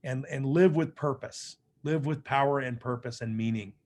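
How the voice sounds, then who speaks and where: A man's voice: mid-range voice, normal speed, a little mellow. Casting note: middle-aged man, mid-range voice, earnest motivational storyteller, loose and conversational. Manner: earnest, conversational, frequent fillers and restarts. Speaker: motivational speaker. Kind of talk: personal storytelling speech.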